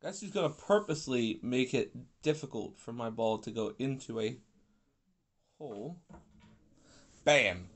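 Speaking at a mid pitch with lively inflection, the young man talks a bit slowly and leaves long gaps. He's a YouTuber narrating an online pool game in a cranky, meandering way, swearing at his opponents and complaining about them.

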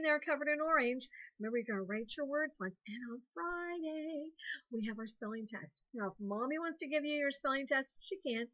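High, bright-voiced cheerful woman teacher. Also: dull audio. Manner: cheerful, encouraging, spells words letter by letter. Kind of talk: recorded online classroom lesson.

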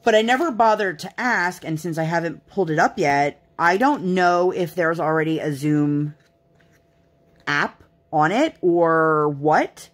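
A woman's voice: fairly low pitch, lively intonation, a little slow. A young woman, a mother, chatting casually to her vlog viewers in a rambling, self-deprecating way. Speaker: craft vlogger and mother. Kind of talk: casual chat to camera.

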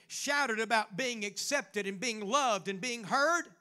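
A man's voice: very high-pitched, slow pace, pushed and bright. A man preaching a sermon as pastor, quoting scripture and building to fervent exhortation.

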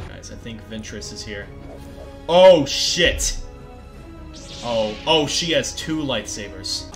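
A young man giving excitable, profane commentary over his gameplay, often yelling at the game. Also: mid-range voice, slow pace, pauses often. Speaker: gaming video creator. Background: game music.

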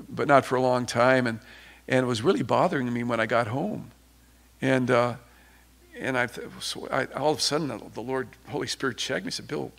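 A man's voice: mid-range voice, vocal fry, fairly bright tone. A man preaching an informal sermon, conversational and rambling with many restarts, turning fervent at times.

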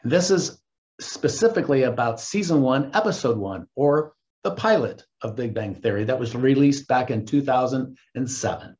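A man hosting a casual recap, animated and quick to laugh as he retells the story. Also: medium pitch. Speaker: host. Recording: dull lo-fi recording.

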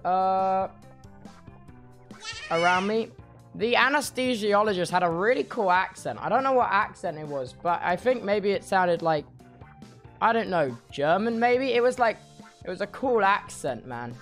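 A man's voice: high voice, expressive, a little slow, a bit bright, soft background music. A young man streaming a few hours after surgery, groggy and talking a little thickly, rambling in slang with many restarts. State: groggy after surgery, speech slightly impaired. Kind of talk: casual chat reading viewer messages.

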